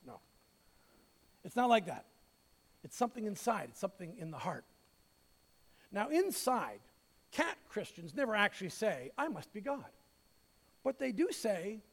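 A man pastor preaching a sermon, telling a story with light humor in an expressive way. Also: high-pitched, normal speed, long pauses. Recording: hall reverb.

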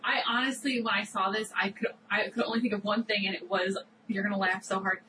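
A woman's voice: mid-range voice, flat delivery, quick pace, distant mic, noisy background. A woman co-hosting a podcast, talking over a TV episode in a rambling, reflective way with many fillers. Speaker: podcast co-host. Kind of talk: casual chat recapping a TV episode.

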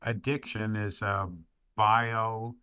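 A man with a somewhat low voice speaks in a measured, deliberate way as a podcast guest, pausing between thoughts. The recording is dry and close-miked. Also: flat delivery, bright, forceful tone, clear, resonant tone, dry recording. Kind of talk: reflective podcast discussion.

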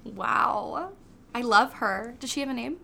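A woman's voice: on the high side, animated, measured pace, vocal fry, bright, forceful tone. A young adult woman co-hosting a podcast, giggly and playful in casual chat. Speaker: podcast co-host.

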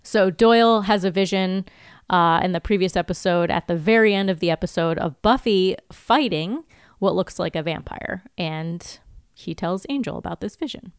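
Congested woman, podcast co-host, smooth clear voice, dry close sound, lively recap. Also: fairly low pitch, moderate pace, no echo. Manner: lively storytelling with laughs. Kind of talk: casual recap chat.

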